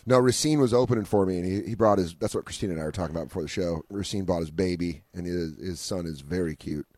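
A man's voice: deep voice, fast, dry recording. A man hosting a comedy podcast, telling profane road stories in casual chat and acting out what people said. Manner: profane, animated, acts out quotes.

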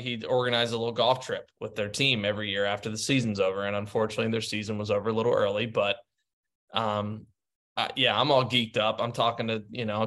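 A man's voice: on the low side, fairly bright tone. Chatty man telling stories. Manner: chatty, laughs often, frequent restarts. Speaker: podcast guest, pro golfer. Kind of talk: casual storytelling.

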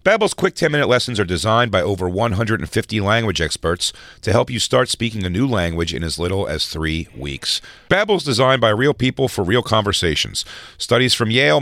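A man co-hosting a radio talk show, reading ads and bantering in an animated, playful way. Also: mid-range voice, dry recording, studio quality. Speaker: podcast co-host.

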